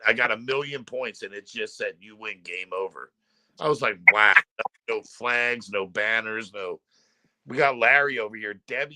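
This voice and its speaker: A middle-aged man with a lowish, sharp-toned voice hosts a casual chat show. Laid-back and rambling, he wanders through stories and says "man" and "dude" a lot.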